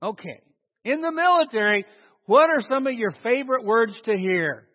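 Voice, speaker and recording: A man's voice: very high-pitched, lively intonation, normal speed. A man preaching a sermon to a congregation, emphatic and calling for responses. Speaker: pastor. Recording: dull sound in a long-reverb hall.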